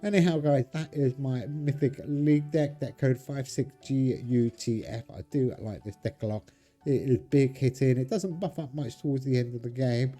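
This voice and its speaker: A man's voice: medium pitch, normal speed, dark tone, faint music behind. A man hosting a game channel, chatting casually to viewers as he plays a card game. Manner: chatty, talks to viewers while playing cards. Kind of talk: casual gameplay commentary.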